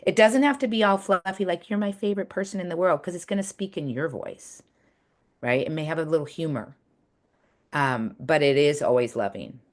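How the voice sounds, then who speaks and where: A woman's voice: deep voice, expressive, normal speed. Chatty woman coach teaching over a video call. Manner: chatty, earnest, many fillers and restarts. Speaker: coach and webinar presenter. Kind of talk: casual teaching talk.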